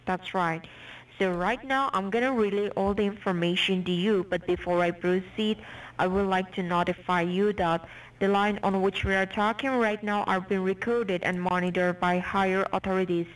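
A woman's voice: mid-range voice, fairly even intonation, normal speed, distant mic, poor audio. A woman working a scam call center, reciting a formal script to callers. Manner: formal scripted, turns to insults. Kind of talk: scripted phone scam pitch.

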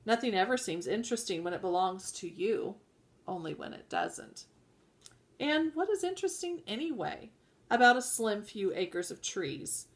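Unhurried woman narrator reading a novel aloud, measured, medium pitch. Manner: measured, occasional self-corrections. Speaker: audiobook reader.

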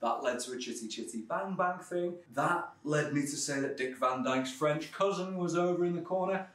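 Excitable British car vlogger, higher voice. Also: male voice, moderate pace, hardly any pauses, no room sound. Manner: enthusiastic, cheeky and jokey. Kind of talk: walkaround presenting. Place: classic car auction.

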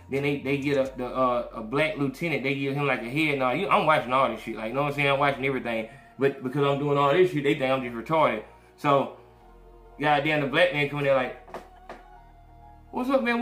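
A man hosting a podcast who tells stories in casual, profane, animated talk and acts out what others said. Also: medium pitch, fast talker. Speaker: podcast host. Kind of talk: casual storytelling chat. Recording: echoey room, faint music.

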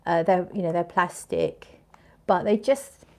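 A woman's voice: fairly low pitch, unhurried, a little mellow. A woman in her forties hosting a casual fragrance livestream, reading viewer comments and chatting in a bubbly, rambling way. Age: 40s. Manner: chatty, bubbly, with frequent restarts and laughs. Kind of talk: casual live-stream chat reading comments.

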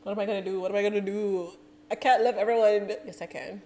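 A woman hosting a reaction video, gushing and excitable in casual commentary, often talking to herself. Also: medium pitch, fast talker, slight background noise. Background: faint music playing.

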